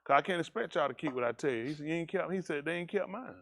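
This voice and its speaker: A pastor, preaching loud and emphatic to his congregation. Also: fairly high pitch, creaky. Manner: loud, emphatic, quick preaching with call-and-response. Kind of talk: preaching a sermon.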